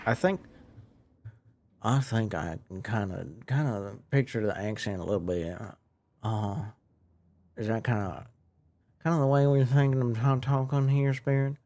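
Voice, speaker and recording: A man's voice: mid-range voice, a little slow, long pauses, darkish tone, a faint crowd, a little hiss or hum. A man streaming a game live, playful and narrating his own actions as he plays. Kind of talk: live game playthrough chat.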